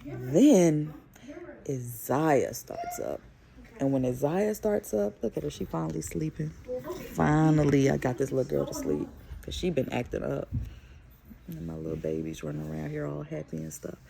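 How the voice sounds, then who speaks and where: A young woman and mother telling a story to camera in a casual, animated, profane way. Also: deep voice, moderate pace, gravelly. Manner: animated, profane, emphatic retelling. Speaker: vlogger and mother.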